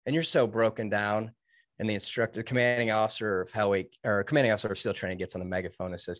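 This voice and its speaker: A man's voice: on the low side, fairly even intonation, fast, a bit bright, no room sound, clean studio sound. A man in his thirties telling a personal story in an interview, earnest and emphatic. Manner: earnest, emphatic, quotes himself and others. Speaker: guest, Navy veteran.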